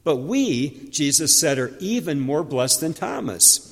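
A man's voice: a little high, lively intonation, measured pace, husky. Earnest male preacher in a reverberant hall. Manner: earnest, explaining scripture with rhetorical questions. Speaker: pastor. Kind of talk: sermon.

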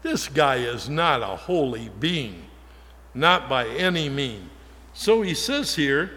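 A man preaches slowly and deliberately, stopping to ask the congregation questions as he goes. His voice sits a little higher than most men's. A long church reverb trails after every phrase. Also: sing-song, fairly bright tone. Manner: conversational, asks the congregation questions. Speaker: pastor. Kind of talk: sermon.

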